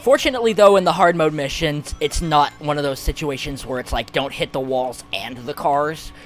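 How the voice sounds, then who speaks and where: A man casually commenting while he plays a video game on stream, chatty and quick to laugh. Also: a little high, faint music behind. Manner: laid-back, chatty, laughs easily.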